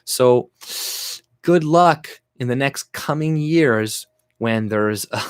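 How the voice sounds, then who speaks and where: A man's voice: mid-range voice, slow pace, clean tone, no room sound, clean studio sound. A man hosting a casual livestream rant, talking bluntly, swearing and laughing often. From Canada. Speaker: livestream host.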